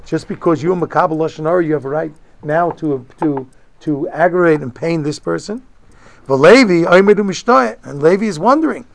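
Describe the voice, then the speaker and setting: A man gives a text lesson, reading a passage aloud phrase by phrase and then explaining it in plain, casual English. His voice sits a bit high and has a gravelly edge. He moves between a lilting reading tone and conversational explanation. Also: brisk. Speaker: Torah teacher. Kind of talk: Talmudic-style lesson, reading and translating.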